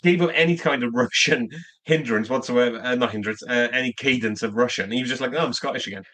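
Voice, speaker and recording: A man chatting about films on a podcast, his voice at an ordinary middle pitch. He wanders through his points, pausing to find the right words. The talk stays loose and casual. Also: fairly bright tone. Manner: rambling, searching for words. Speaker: podcast co-host. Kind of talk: casual film discussion.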